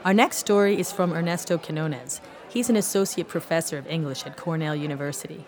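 A woman radio host giving scripted, measured introductions. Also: low voice, some chatter behind.

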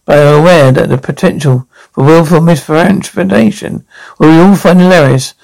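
A prim, touchy counsellor. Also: male voice, fairly high pitch, a little fast, vocal fry, a little mellow, low-quality recording. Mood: stiff. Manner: stiff, formal, defensive. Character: prim, touchy male anger-management counsellor. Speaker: sketch comedy character.

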